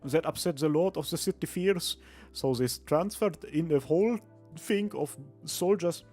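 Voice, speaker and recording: A man's voice: fairly high pitch, unhurried, mellow, soft background music. A man voicing a weary, guilt-ridden rural villager in a put-on Irish accent while reading a game story aloud. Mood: resigned.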